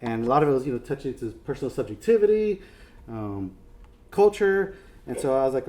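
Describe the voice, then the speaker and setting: A man's voice: medium pitch, lively intonation, a little fast, dark tone. A man giving a casual artist talk, rambling and self-deprecating, with many fillers and restarts. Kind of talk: casual lecture.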